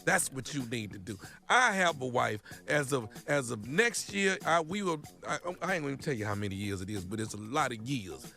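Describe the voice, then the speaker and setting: Lively man in radio banter. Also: mid-range voice, fairly quick, few pauses, faint music behind. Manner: animated, acts out exaggerated scenarios. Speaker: radio show co-host. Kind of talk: comedic advice on a morning radio show.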